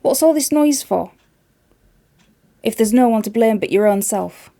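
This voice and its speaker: Loud scolding fairy mum, a yorkshire woman putting her on, high and shouty, mellow tone. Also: expressive, unhurried.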